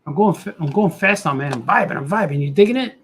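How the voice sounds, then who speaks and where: A man's voice: on the high side, lively intonation, fast talker, a little hiss or hum. A middle-aged man chatting casually and goofily to himself while he draws, hosting a live show. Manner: goofy, talks to himself, does silly voices. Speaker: cartoonist host drawing on stream. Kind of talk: rambling casual chat while drawing.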